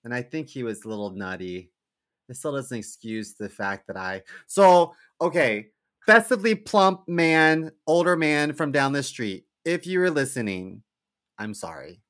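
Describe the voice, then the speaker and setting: A young man tells rambling, self-mocking stories in casual podcast chat and laughs along at them. His voice has a bright, forward edge at a middle pitch. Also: expressive, a little slow. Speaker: podcast co-host.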